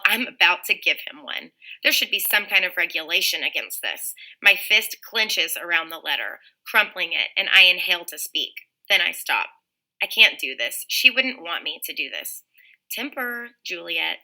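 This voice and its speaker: A woman's voice: lowish voice, creaky, bright, forceful tone, low-quality recording. A woman reading a first-person audiobook in an earnest manner, with small slips and restarts. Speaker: audiobook reader.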